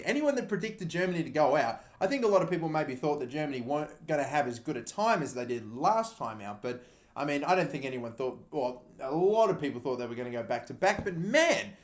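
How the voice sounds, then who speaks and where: Lässiger australischer Mann, leicht hohe Stimme. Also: male voice, on the high side, reverberant. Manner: chatty and teasing, with lots of slang. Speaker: YouTuber. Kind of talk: casual commentary.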